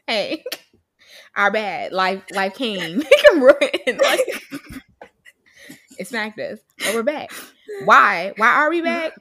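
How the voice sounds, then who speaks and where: A woman's voice: medium pitch, pushed and bright. A woman co-hosting a podcast, joking and playful in casual chat. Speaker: podcast co-host.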